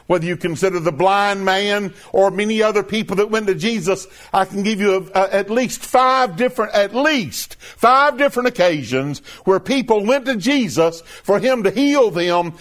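Male preacher, high voice, earnest, emphatic, repeats phrases, sermon delivery.

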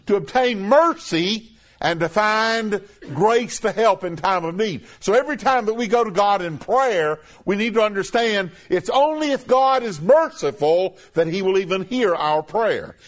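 A man preaching a sermon, emphatic and deliberate, repeating phrases as his voice swells and drops. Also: animated. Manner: emphatic, repeating phrases with rising and falling pitch.

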